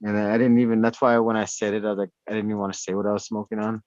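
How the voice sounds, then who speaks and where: A man in casual chat, talking at home in a rambling, profane, animated way. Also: fairly low pitch, racing, no echo. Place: indoors at home. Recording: dull lo-fi sound.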